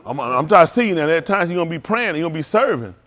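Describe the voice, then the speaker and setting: A male preacher with a somewhat bright, high-leaning, expressive voice races through a humorous sermon. He laughs often, jokes, calls out to the congregation for call-and-response, and rambles in a colloquial way full of restarts.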